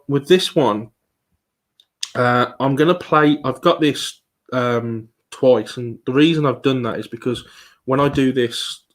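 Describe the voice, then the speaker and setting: Hesitant man presenting live. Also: mid-range voice. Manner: hesitant, many ums and restarts. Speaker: paranormal investigator presenting.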